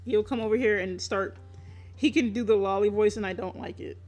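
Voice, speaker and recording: A woman's voice: medium pitch, steady tone, fairly quick, darkish tone, faint music behind. A young woman chatting casually on a live stream while she draws, laughing often, swearing freely and teasing her viewers.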